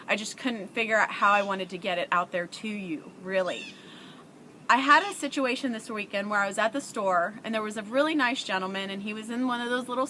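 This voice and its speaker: Earnest bright-voiced woman vlogger. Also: on the high side, a little hiss or hum. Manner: earnest, emotional, conversational. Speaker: parent vlogger. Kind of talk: heartfelt advice to camera.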